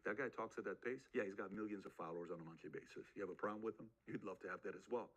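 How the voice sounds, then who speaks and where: A man's voice: on the low side, fast talker, few pauses, fairly bright tone, breathy edge, rough recording. A man hosting a podcast, giving motivational advice with punchy rhetorical questions and acted-out quotes. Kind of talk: motivational talk.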